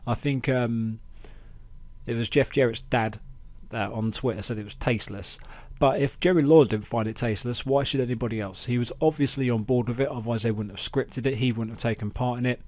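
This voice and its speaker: A man hosting a casual wrestling review podcast, chatty and excitable, talking into a close mic at home. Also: medium pitch, fairly quick, no echo. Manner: chatty, excitable, acts out quotes in raised voices. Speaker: podcast host.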